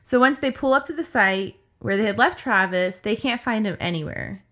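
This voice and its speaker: A woman co-hosting a podcast recounts a story in a casual, chatty manner, sprinkling in lots of "like" and voicing the quotes. Her medium-pitched voice is a bit bright, animated, and moderately paced.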